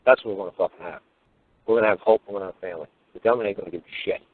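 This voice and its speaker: A man's voice: low voice, racing, dry recording. A man giving a profane, heated radio monologue as a talk show host. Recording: phone-line radio audio.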